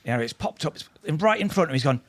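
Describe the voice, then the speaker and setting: A man with a husky voice, a podcast guest telling funny stories in a lively, laughing way, acting out what other people said. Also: a little high, racing. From England. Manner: animated, laughing anecdotes with acted-out quotes. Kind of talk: storytelling chat.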